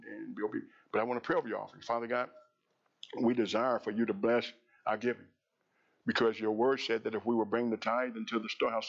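A man preaching a sermon as pastor, repeating phrases as he swells loud and high and then drops low and quiet, recorded in a church sanctuary. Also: creaky. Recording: dull lo-fi sound.

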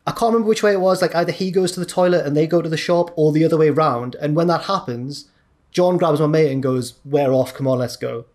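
A man's voice: a little high, fast talker, a little mellow. A young man co-hosting a podcast, telling a long rambling story in a casual, chatty way. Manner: rambling, chatty, drops into mate's voices. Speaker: podcast co-host.

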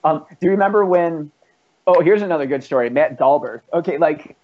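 On a muffled, lo-fi podcast, a guest who founded a band and plays in it tells rambling stories full of profanity and laughter in a relaxed chat. His voice sits on the high side, with lively intonation and a fairly quick delivery.

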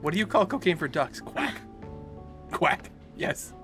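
Gaming stream host, animated pitch, sarcastic, swears, game music behind. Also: unhurried. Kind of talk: casual gaming stream chat.

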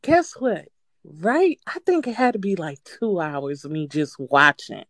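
Female caller, casual, profane, very expressive pitch, dry sound. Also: measured pace, no echo. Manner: animated, swearing, breaks into nervous laughter. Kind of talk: casual storytelling.

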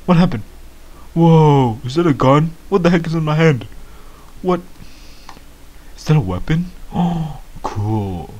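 A man giving excitable, baffled gameplay commentary as a first-time gamer, laughing often. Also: a little high, a little slow, pauses often, lo-fi sound.

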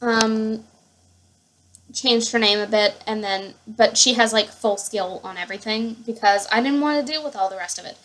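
A woman's voice: fairly high pitch, normal speed, fairly bright tone, a little hiss or hum. A woman giving casual gameplay commentary, gushing and rambling with many fillers as she shows her household. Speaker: gamer showing her household.

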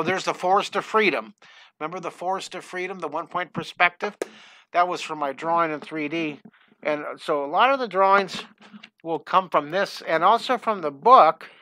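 An excitable, scattered older man runs a live online drawing lesson from his home studio, calling out greetings to viewers by name through a headset mic. His voice sits a little high, and there's no room sound.

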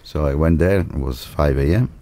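A man with an Italian accent, an Italian native speaker, telling stories as a guest in a casual interview; a lively storyteller who acts out dialogue and laughs often. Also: a bass voice, normal speed. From Italy. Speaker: martial arts teacher, podcast guest.

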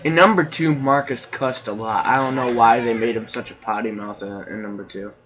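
A man's voice: mid-range voice, brisk, a bit bright, rough recording. A man giving casual, rambling gameplay commentary, joking around and laughing often as he talks.

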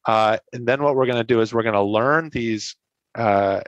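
A man's voice: mid-range voice, moderate pace, dry recording, highs cut off. A man presenting a technical lecture at a meetup, explaining in a casual way, with frequent fillers and restarts as he corrects himself. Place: online meetup talk.

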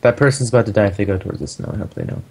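Gravelly, animated male gamer. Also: on the low side, racing, slight background noise. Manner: bossy, trash-talking, calls out instructions. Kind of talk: casual gameplay chat.

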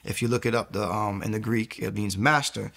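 A man telling his own faith testimony in an earnest, quick way, with lots of filler words and restarts, acting out the people in his story. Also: lowish voice, steady tone, creaky, a bit bright. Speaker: guest sharing a faith testimony.

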